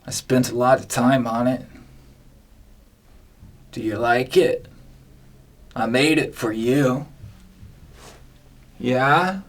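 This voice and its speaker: A man hosting an absurd comedy monologue, rambling and deadpan. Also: medium pitch, takes it slowly, long pauses. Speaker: comedian host.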